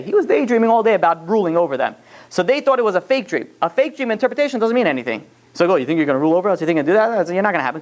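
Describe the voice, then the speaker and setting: A man teaching a religious lesson in a casual, rambling storytelling way, full of fillers and restarts. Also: a little high. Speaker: Torah teacher.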